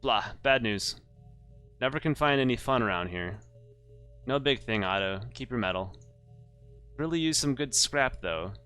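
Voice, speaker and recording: A man's voice: mid-range voice, lively intonation, moderate pace, pauses often, sharp tone, clear, resonant tone, faint music behind. A man voicing a quirky, scrap-hungry flight captain in a sci-fi game, speaking in clipped, playful slang.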